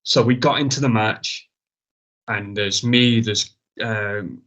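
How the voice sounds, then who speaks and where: A man's voice: on the low side, takes it slowly, a bit bright. Rambling man telling stories. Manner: rambling, self-mocking, swears freely. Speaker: guest wrestler. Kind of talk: casual storytelling chat.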